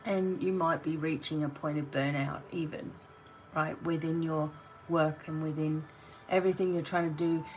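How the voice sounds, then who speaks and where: A woman's voice: sits low, steady tone, normal speed, a little mellow, faint music behind, low-quality recording. A woman giving a tarot reading, talking straight to the viewer in a blunt, motivating way. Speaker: tarot reader.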